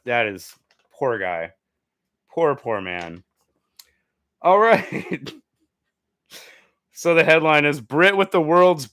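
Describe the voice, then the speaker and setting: A man's voice: medium pitch, clean tone, no room sound, clean studio sound. A man hosting a comedy news show, reading stories aloud and breaking off into crude, swearing asides and giggles. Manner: crude, swearing, giggling asides, animated swings from mutters to exclamations.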